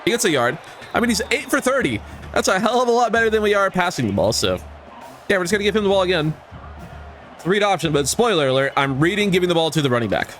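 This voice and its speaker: A man's voice: high voice, very animated, fast talker, fairly bright tone, soft background music. A man giving casual gameplay commentary, swearing and ranting at the game with exasperation. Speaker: gaming YouTuber.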